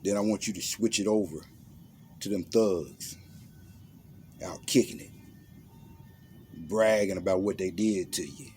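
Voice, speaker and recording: A man's voice: low-pitched, measured pace, long pauses, a little mellow, a little hiss or hum. A man giving a blunt, intense monologue that guides the listener through a visualization, using slang and commands. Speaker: motivational self-defense speaker.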